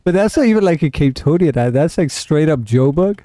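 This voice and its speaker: Brief: South African male streamer, fairly high voice, warm and mellow tone, loose chatty delivery into a dry close mic. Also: animated, normal speed, no echo. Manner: rambling, chatty, reads and answers chat. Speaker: livestream host and gamer. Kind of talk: casual livestream chat.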